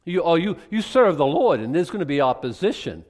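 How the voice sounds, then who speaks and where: A man's voice: fairly high pitch, very animated, fairly quick, a little mellow. A male pastor preaching a sermon in a conversational, joking, rambling way.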